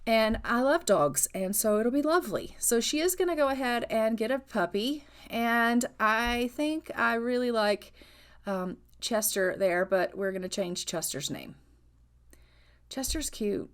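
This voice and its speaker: Woman host, gaming commentary, bubbly and gushing, slightly high voice. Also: lively intonation, measured pace, clean tone. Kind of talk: let's play commentary.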